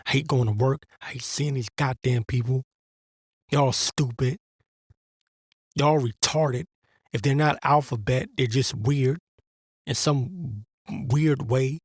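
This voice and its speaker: A man's voice: medium pitch, slow, long pauses, slightly rough, no echo, studio quality. A man giving a blunt, profane religious monologue as host, in an exasperated and crude manner. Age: adult veteran.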